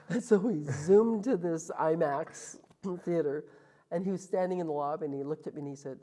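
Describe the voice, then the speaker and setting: A woman's voice: fairly low pitch, normal speed, a little hiss or hum. A woman from Calgary, a guest in an interview, telling her story casually and acting out the lines of the people in it. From Calgary, Canada. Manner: animated, acts out quoted lines.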